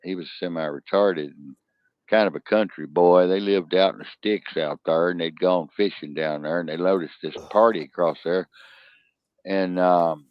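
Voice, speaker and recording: A man's voice: sits low, steady tone, moderate pace, dry recording. A man hosting a casual talk show, telling rambling stories and crude jokes with many restarts. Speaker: podcast host. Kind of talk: casual storytelling chat. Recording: dull lo-fi sound.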